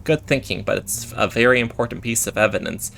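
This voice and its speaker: Man reading as a calm cat detective. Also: mid-range voice, fairly quick, creaky, slight background noise. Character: calm male cat detective, reassuring and decisive.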